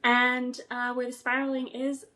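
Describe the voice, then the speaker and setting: A woman's voice: sits high, completely flat delivery, unhurried, bright, forceful tone. Upbeat woman podcast co-host. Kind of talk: casual chat.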